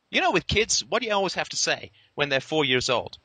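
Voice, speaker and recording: A man's voice: a little high, sing-song, fairly quick, few pauses, pushed and bright, no room sound. A male podcast host giving an impassioned, sarcastic monologue peppered with profanity and theatrical asides.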